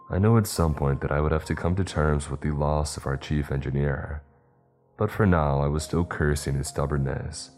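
Deep deep voiced guy telling a spooky story, steady and even, quiet music under it. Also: moderate pace. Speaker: narrator. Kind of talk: scripted horror story narration.

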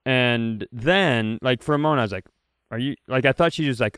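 A man's voice: mid-range voice, normal speed, clean tone, no room sound, clean studio sound. A middle-aged man, a comedian co-hosting a podcast, telling a story casually, acting out quotes with plenty of fillers. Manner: animated, acts out quotes with fillers.

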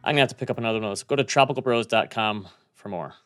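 A man hosting a podcast in a casual, chatty way, fast and self-deprecating. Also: on the low side, smooth, no echo. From United States. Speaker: podcast host. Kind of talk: casual chat, reading an ad.

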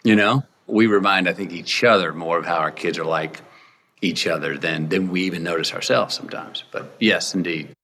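A man talking as a podcast guest, answering in a reflective, measured way. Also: low voice, sharp tone. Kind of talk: interview conversation.

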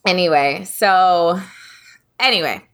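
A woman co-hosting a podcast in casual chat, laughing often and telling stories in an animated way. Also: on the low side, takes it slowly. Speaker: podcast co-host.

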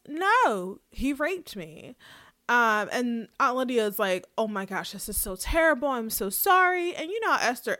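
A woman with a fairly high voice recaps an episode in casual chat, animated and storytelling. The recording is dry and close, with little room sound. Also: no room sound. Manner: lively storytelling recap with quoted voices and laughs. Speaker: podcast co-host recapping a TV episode.

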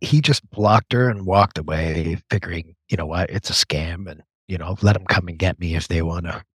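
A man from Canada, a podcast guest, chatting in a relaxed way and saying "like" often. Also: deep voice, moderate pace, husky, no echo, studio quality. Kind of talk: casual chat.

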